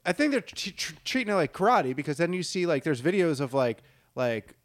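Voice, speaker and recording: A man's voice: fairly high pitch, very animated, a little fast, dry recording. A man co-hosting a podcast who talks casually, swears a lot and works himself up into rants. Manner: profane, ranting, gets worked up. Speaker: podcast co-host.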